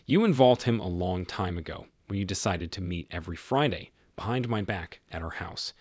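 A man voicing a cold, stern husband confronting his cheating wife, in a measured tone. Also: sits low, expressive, darkish tone, husky, no echo, studio quality. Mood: accusing.

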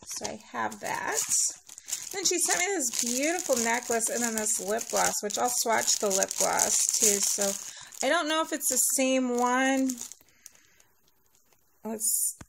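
Sleepy gravelly-voiced woman unboxing. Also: on the high side, a little slow, background noise. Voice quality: gravelly vocal fry. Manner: sweet and gushing, says thanks over and over. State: sleepy and a little hoarse. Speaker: nail vlogger opening a giveaway package. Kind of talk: casual unboxing chat.

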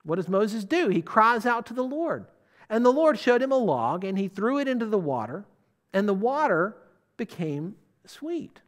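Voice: medium pitch, very animated, moderate pace. A preacher giving a sermon, putting questions to the listeners and stressing key words.

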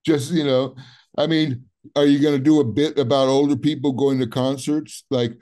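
A man in his seventies talks as an interview guest, with a warm, mellow tone. His pitch sits mid-range for a man. He rambles and circles back with easy filler words and the occasional soft laugh. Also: normal speed. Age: 70s. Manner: rambling, relaxed, full of "you know" and soft laughs. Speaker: guest musician. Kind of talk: casual interview chat.

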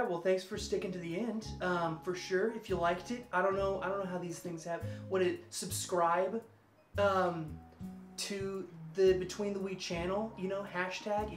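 Rambling upbeat woman host in a roomy space. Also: medium pitch. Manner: rambling and filler-heavy, upbeat. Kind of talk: casual chat. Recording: roomy, music behind.

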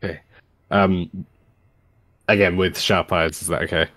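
A man's voice: low-pitched, steady tone, a little slow, fairly bright tone, dry recording. A man taking part as a player in a tabletop role-playing game over a voice call, speaking hesitantly with many ums and restarts.

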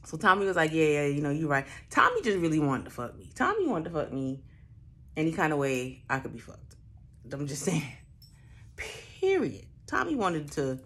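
Young woman telling a crazy story, kinda low voice, cussing a lot, doing everybody's lines. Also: measured pace, creaky. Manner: animated, profane, acts out the people in her story. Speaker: storyteller host. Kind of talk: casual chat.

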